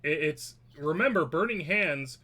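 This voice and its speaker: A man's voice: a little high, lively intonation, a little slow, bright, forceful tone. A man acting as game master, joking and hedging as he runs a tabletop game online, swearing now and then.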